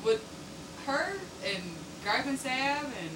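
A woman tells her story slowly and hesitantly, giggling, with a lively rise and fall in her voice. She sounds far from the mic in an echoey space, and loud background noise runs behind her. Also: sits high. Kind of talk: casual storytelling. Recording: distant, echoey, noisy.

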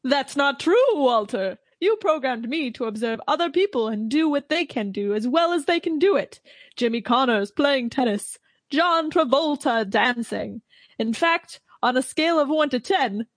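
A woman's voice: fairly high pitch, lively intonation, unhurried, no echo, clean studio sound. A woman reading a boastful, conceited male android hero in a comic scene read-through. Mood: smug. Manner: smug, self-satisfied.

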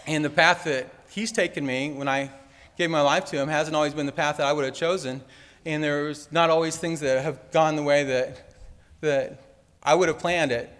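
Hesitant man sharing testimony in a hall. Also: fairly high pitch. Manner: gentle, hesitant, repeating words. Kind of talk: personal testimony. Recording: long church-hall reverb.

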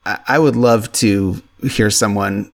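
A man's voice: lowish voice, a little slow, vocal fry. A man being interviewed as the director of a fan remake, talking casually and rambling with frequent restarts and small laughs.

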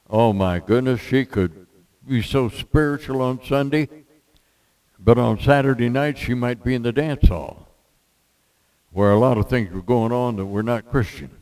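Slow, folksy older preacher. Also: male voice, mid-range voice, a little mellow, rough recording. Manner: folksy preaching with jokes and scripture quotes. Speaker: pastor. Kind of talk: sermon.

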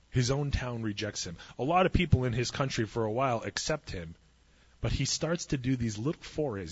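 A man's voice: fairly low pitch, husky, dull audio. A man preaching a sermon, retelling a story with humorous asides and acting out the voices in it. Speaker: pastor.

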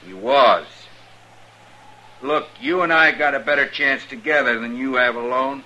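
An actor playing a wily prisoner with a sly drawl in a 1950s radio western. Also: male voice, mid-range voice, a little slow, pushed and bright, lo-fi sound.

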